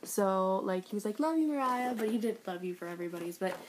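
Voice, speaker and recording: A woman's voice: mid-range voice, fairly even intonation, quick pace, noisy background. A young woman vlogging a story straight to her camera at home. She gushes and rambles, stringing everything together with "like" and "oh my God", and keeps slipping into giggles as she relives it. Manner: gushing, breathless, lots of "like" and "oh my God"; bursts into giggles when retelling. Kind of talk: excited storytelling vlog.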